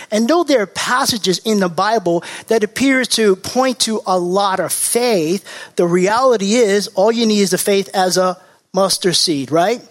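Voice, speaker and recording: A man's voice: high-pitched, fairly bright tone. A man preaching a sermon as pastor, repeating key words for emphasis and teaching from scripture. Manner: mocking impressions of TV preachers.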